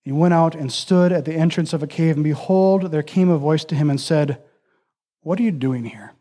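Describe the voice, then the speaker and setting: A man preaching a sermon who builds long repeated lists of phrases and drops into a soft, near-whispered voice for emphasis. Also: fairly high pitch, fairly even intonation, brisk.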